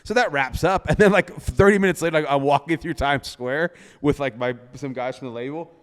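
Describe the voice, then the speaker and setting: A young man, a DJ, telling a story in casual chat, animated, laughing often and filling with lots of "like". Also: on the high side, a little fast, long reverb tail. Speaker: DJ and podcast guest.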